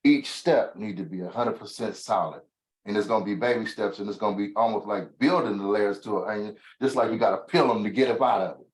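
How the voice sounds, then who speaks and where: A man's voice: fairly low pitch, fast talker. A man hosting a motivational talk, speaking thoughtfully and casually, often searching for his words. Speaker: host. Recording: roomy echo.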